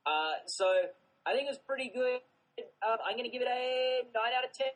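A man's voice: very high-pitched, lively intonation, brisk, a bit bright, poor audio. A man co-hosting a film podcast, chatting enthusiastically and rambling. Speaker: podcast co-host. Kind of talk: casual chat.

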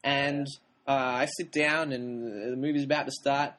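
A man's voice: mid-range voice, steady tone, normal speed, a bit bright. A man co-hosting a film podcast, chatting casually with dry teasing humor. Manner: dry teasing, laughs often. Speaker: podcast co-host. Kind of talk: casual chat.

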